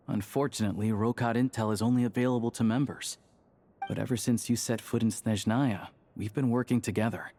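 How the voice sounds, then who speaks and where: An actor playing a calm, friendly young man who works at a theater, in a game. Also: mid-range voice, a little hiss or hum, close to an everyday voice. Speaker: game character.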